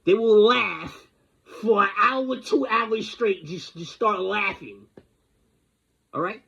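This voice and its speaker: A man's voice: sits high, slow, gravelly, pushed and bright, breathy edge. A man delivering an angry, rambling, confrontational rant full of profanity. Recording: dull lo-fi recording.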